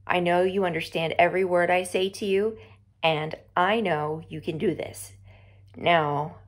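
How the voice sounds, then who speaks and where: A woman's voice: lowish voice, fairly even intonation, measured pace, close to an everyday voice. A woman voicing a blunt, firm middle-aged neighbor in a story read-aloud.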